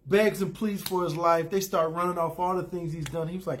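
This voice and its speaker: A man with a slightly higher voice talks through a recap in a loose, rambling way, full of fillers and restarts. He stays casual and blunt, slipping into short acted-out lines for the characters. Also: fairly even intonation. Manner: acts out characters' lines in quick asides; blunt, opinionated asides. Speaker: TV episode recapper.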